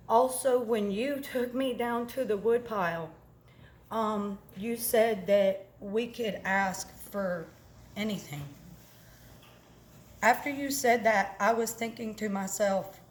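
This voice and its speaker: A woman tells her story slowly, holding back tears and pausing on many "um"s. Her voice is mid-pitched, with a faint hiss of outdoor noise behind it. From Alabama, US. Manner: halting, emotional, many "um"s. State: close to tears. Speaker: camp attendee giving testimony. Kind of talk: personal testimonial.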